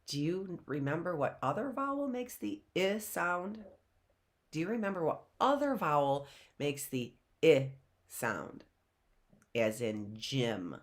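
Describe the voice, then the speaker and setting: A woman teaches young children their letters in a slow, unhurried voice that rises and falls a lot. Her tone is bright, and she stretches out words and repeats her questions the way teachers do with little kids. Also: low-pitched. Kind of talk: children's phonics lesson.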